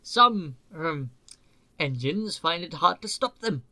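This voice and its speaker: A man's voice: a little high, animated, slow pace, pushed and bright, dry recording, full character voice. Rheneas, a man doing a sly old engine. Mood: teasing. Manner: teasing, firm. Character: old male engine, sly and good-natured.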